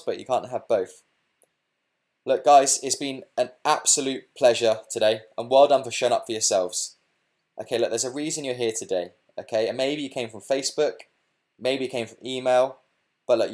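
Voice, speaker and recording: A man hosting a business webinar, wrapping up with an energetic sales pitch and punctuating his points with "okay?" and "look". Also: fairly quick. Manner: energetic, punchy, keeps saying "okay?" and "look".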